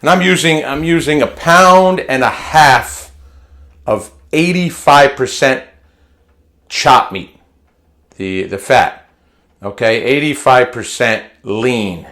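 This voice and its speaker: A man walks through a home recipe in his kitchen. He takes his time and talks in a relaxed, unhurried way, folksy and chatty. He often repeats words and restarts phrases, in a mid-range voice. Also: medium pitch. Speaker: home cooking vlogger. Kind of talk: casual cooking demonstration.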